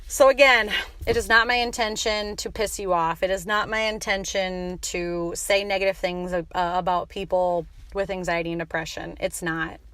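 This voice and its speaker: A woman's voice: mid-range voice, steady tone, normal speed, fairly bright tone, no room sound. A woman hosting a motivational podcast, talking in a passionate, blunt rant with some swearing. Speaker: podcast host and coach.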